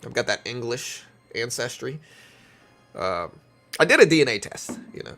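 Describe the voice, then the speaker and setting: A man from South Louisiana with a light accent talks casually on a live trading stream. He chats easily with viewers between calling out market numbers. Soft music plays faintly behind his voice. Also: mid-range voice, very animated, normal speed. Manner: chatty, answers viewer chat while calling market moves.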